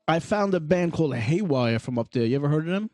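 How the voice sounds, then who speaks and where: A man's voice: fairly high pitch, lively intonation, fast talker, a little mellow, dry recording. Blunt, swearing man hosting a podcast. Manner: blunt and profane, laid-back. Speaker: podcast host. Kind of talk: casual podcast chat.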